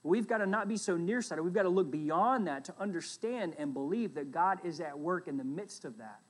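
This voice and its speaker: A man preaching a sermon as pastor, retelling a scripture story with loud emphatic bursts and quiet, dropped asides. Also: high-pitched, animated, brisk.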